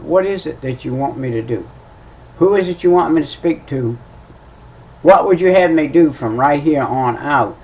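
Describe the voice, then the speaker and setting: A man's voice: fairly high pitch, poor audio. A middle-aged man preaching a sermon in a folksy, emphatic way, often repeating his key phrases.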